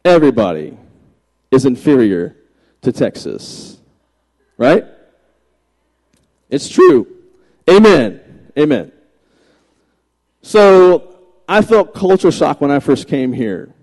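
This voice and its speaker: A man in his forties from Virginia, a pastor telling funny stories in a chatty, animated sermon. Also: medium pitch, slow, long pauses. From Virginia, USA. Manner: chatty, joking, animated anecdotes. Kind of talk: humorous sermon storytelling. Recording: long reverb of a large hall.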